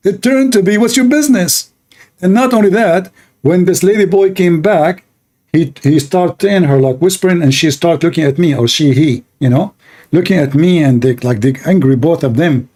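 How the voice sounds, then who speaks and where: A man's voice: fairly high pitch, moderate pace, dark tone. Scornful, sarcastic middle-aged man. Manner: sarcastic, scornful, rhetorical questions. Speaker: host of an apologetics show. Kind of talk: mocking religious commentary.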